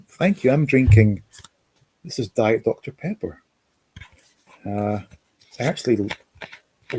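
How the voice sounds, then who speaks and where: A man's voice: medium pitch, dark tone, breathy edge, no room sound. A man hosting a livestream, rambling casually, reading out chat comments and reminiscing. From Scotland. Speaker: livestream host. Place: home, lives in America.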